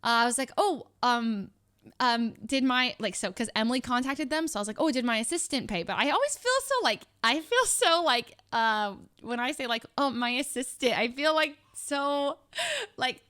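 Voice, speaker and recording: A young woman with a somewhat high voice tells a story in a loose, rambling way. She laughs often and acts out the people she quotes in a higher voice. Her delivery is casual and animated. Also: moderate pace, clean tone, dry recording, clean studio sound. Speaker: streamer.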